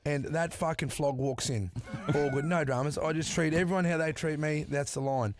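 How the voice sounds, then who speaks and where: Brash sweary Australian bloke. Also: male voice, on the high side, fairly even intonation, normal speed, slight background noise. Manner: brash, sweary, laughs through his stories. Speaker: podcast guest. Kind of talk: casual storytelling.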